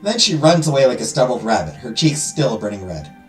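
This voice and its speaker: A man's voice: mid-range voice, big pitch swings, fairly quick. A man hosting a let's play, reading a visual novel aloud with dramatic storytelling and joking asides. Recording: roomy echo with music behind.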